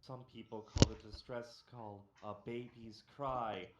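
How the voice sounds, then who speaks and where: A man's voice: fairly low pitch, steady tone, a little slow, very noisy. A man hosting a live stream, ranting in casual, profane banter with a sarcastic, emphatic manner. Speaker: stream host. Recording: echoey room.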